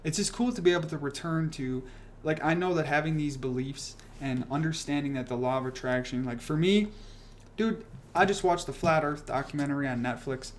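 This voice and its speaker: A man's voice: a little high, brisk, slight background noise. A young man hosting a casual livestream, rambling and swearing as he rants and reads comments. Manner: rambling, profane, animated ranting. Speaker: livestream host.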